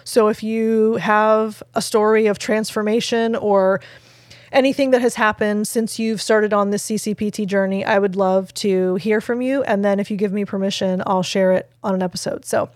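An earnest woman talks through a lesson for other therapists in a podcast monologue. Her voice sits at a middle pitch. The recording is very dry, with no room sound at all. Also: steady tone, moderate pace, a little mellow, dry recording. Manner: earnest, emphatic teaching tone. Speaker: play therapist, podcast host.

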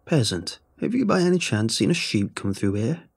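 A man voicing a creaking, rasping ancient hag who is sly and mocking. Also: lowish voice, sing-song, normal speed, heavily acted. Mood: sweetly asking. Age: over 60. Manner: sly and mocking, turning to cursing. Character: creaky ancient hag woman, gentle then cruel.

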